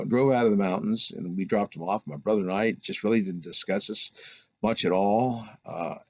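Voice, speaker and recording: A man's voice: sits low, a little mellow, slight background noise. A man telling a personal anecdote in a casual, rambling, meandering way. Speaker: storyteller recounting a personal experience. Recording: dull lo-fi recording.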